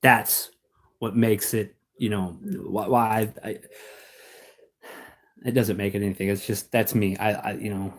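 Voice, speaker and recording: A man's voice: fairly low pitch, level tone, unhurried, long pauses. A young adult American man chatting casually on a live stream, rambling, laughing often and restarting his sentences.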